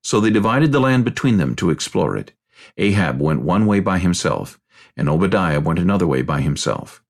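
A man with a low voice that has a gravelly edge narrates scripture in a deliberate, measured way. His pitch rises and falls a lot as he reads. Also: sing-song.

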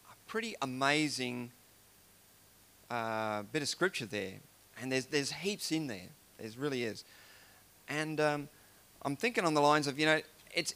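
A man's voice: on the high side, sharp tone, clean tone. Man musing on scripture. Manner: conversational, musing, retells scripture in everyday words. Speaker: preacher. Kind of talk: informal devotional talk.

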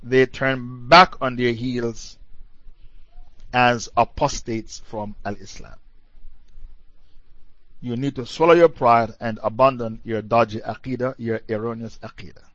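A man's voice: medium pitch, measured pace, long pauses, a bit bright, no room sound. A male preacher giving a religious lecture in a combative, mocking way, repeating his points for emphasis. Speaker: Islamic preacher. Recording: dull lo-fi dry recording.

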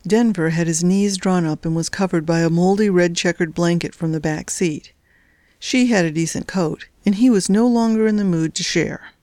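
Low-voiced woman narrating a novel. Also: normal speed, darkish tone, no room sound. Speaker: audiobook narrator. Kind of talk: scripted narration.

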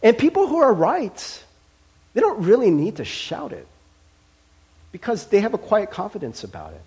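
A male pastor preaches in a chatty, conversational way, laughing often between points. His voice sits fairly high and swings widely as he gets animated, with plenty of fillers along the way. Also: normal speed, slightly rough. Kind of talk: sermon.

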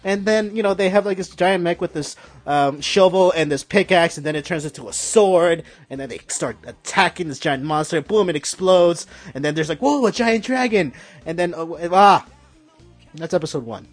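Husky, rambling, excitable man. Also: fairly high pitch, normal speed, dry recording, faint music behind. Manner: rambling, excitable, swears a lot, many fillers. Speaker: podcast host. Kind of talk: casual recap of a show.

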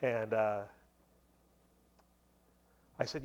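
A man's voice: medium pitch, normal speed, muffled recording. A man in his forties shares a personal testimony with a church congregation. He talks like he is telling a story to friends and fills it with many casual asides. His voice sits in an ordinary middle range. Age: 40s. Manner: conversational storytelling with many fillers. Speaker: speaker giving a testimony at church. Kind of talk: sermon testimony.

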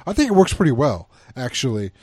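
A man co-hosting a casual movie review podcast, talking in halting bursts with many fillers and restarts. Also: mid-range voice, very animated, a little mellow, slightly rough, no room sound, studio quality. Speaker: podcast co-host.

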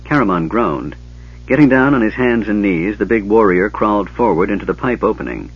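A man narrating an audiobook in a steady storytelling manner, doing character voices. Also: on the low side, a little fast, husky, muffled recording.

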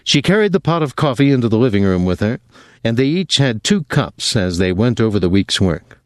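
A man giving a measured, even audiobook narration of a novel. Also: medium pitch, dry recording. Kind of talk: scripted narration.

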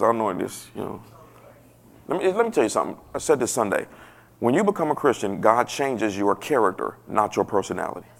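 A man preaching a sermon in a casual, playful way that swells to loud emphasis now and then. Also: mid-range voice, gravelly. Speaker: pastor.

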